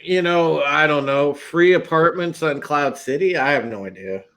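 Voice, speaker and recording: A man's voice: fairly high pitch, normal speed, a bit bright. A man co-hosting a live movie review, blunt and profane as he agrees and complains. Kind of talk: heated live review chat.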